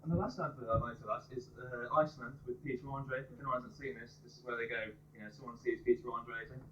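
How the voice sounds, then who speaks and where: Male stand-up comic, brisk pun-heavy delivery, caught on a dull live recording. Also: medium pitch, steady tone. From West Midlands, England. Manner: rapid-fire pun one-liners. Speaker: stand-up comedian. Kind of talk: stand-up comedy set. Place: pub comedy night.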